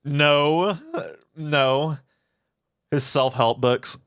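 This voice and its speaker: A man's voice: a little high, fairly even intonation, drawn-out words, fairly bright tone, clean tone, no room sound, studio quality. A man casually answering chat questions on a livestream, swearing often and rambling through his answers. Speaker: philosophy channel streamer.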